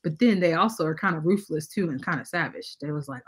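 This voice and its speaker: A woman in casual conversation, telling animated family stories and acting out what the kids say. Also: deep voice, fast, hardly any pauses, breathy edge. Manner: animated, acts out quotes from kids. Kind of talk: casual storytelling chat.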